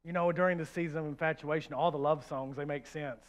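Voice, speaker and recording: A man preaching a sermon, animated and joking, swinging from hushed asides to loud outbursts and acting out quoted voices. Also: on the high side, fast. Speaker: pastor.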